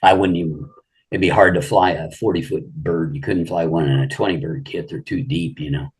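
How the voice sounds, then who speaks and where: Older male guest, gravelly and deep, easygoing storyteller who rambles. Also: steady tone, brisk. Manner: rambling anecdotes full of "you know". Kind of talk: casual storytelling interview.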